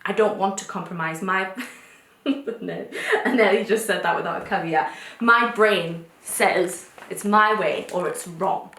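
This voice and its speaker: A young woman from North East England with a posh English accent, talking candidly to camera in quick bursts with restarts. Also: medium pitch, fairly bright tone. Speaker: vlogger. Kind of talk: casual talk to camera. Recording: echoey room.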